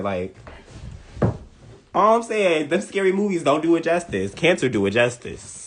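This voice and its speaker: A man's voice: a little high, moderate pace, long pauses. Comedic male astrology creator, casual monologue, repeats punchlines for effect. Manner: animated, playful, repeats lines for emphasis.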